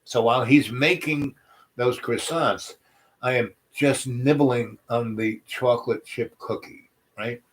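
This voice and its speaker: A man hosting a comedy show, telling a meandering story full of restarts and absurd deadpan asides. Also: mid-range voice, a little slow. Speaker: comedic YouTube host. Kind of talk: rambling comic storytelling monologue.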